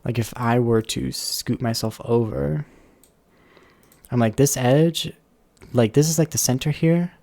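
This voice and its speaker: A man's voice: mid-range voice, unhurried, vocal fry, long pauses, mellow, no echo. A man chatting casually on a live stream, rambling and thinking aloud with lots of fillers and self-corrections, close to a desk microphone.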